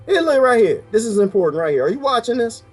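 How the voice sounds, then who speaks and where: A man's voice: very high-pitched, very animated, fast, breathy edge. A man delivering a heated, preachy rant straight to his viewers, firing off rhetorical questions. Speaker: video blogger. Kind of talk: ranting monologue to viewers.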